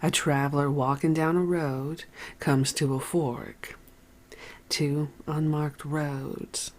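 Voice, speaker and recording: The audiobook narrator voicing a blunt ex-convict man who talks in riddles, in a calm, measured way. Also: medium pitch, lightly acted.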